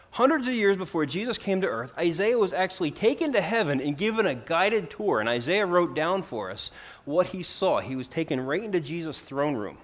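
Male preacher, fairly high voice, earnest sermon delivery with emphatic swells. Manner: earnest and emphatic, rising and falling in volume for emphasis.

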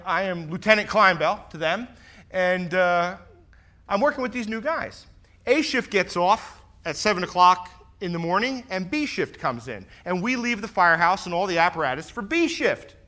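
A middle-aged man who serves as both pastor and fire lieutenant delivers a sermon packed with personal anecdotes, acting out what people said. His high-pitched voice swings between loud and soft.

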